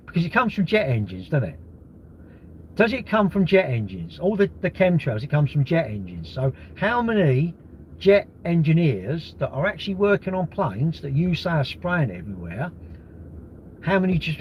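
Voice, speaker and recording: A middle-aged man rants to his livestream viewers, blunt and sweary, firing question after question. His voice sits high and leaps around a lot. The stream audio is dull and lo-fi, with a faint hiss behind him. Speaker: livestream host. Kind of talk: casual livestream rant.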